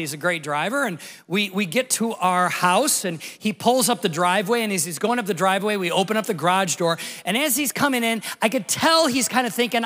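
A man in his forties, a pastor giving a conversational sermon built around a personal story, told in an animated way with the scene acted out. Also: high voice, long reverb tail. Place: large church hall.

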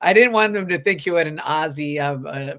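A man's voice: on the high side, fairly quick, fairly bright tone. A man hosting an interview, eagerly jumping in to clarify and react. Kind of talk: casual chat.

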